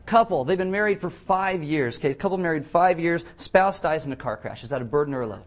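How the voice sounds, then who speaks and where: A man's voice: on the high side, lively intonation, quick pace, slight background noise. A man preaching a sermon as pastor of a church, telling blunt stories with jokes. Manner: blunt, joking storyteller. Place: church, before a congregation.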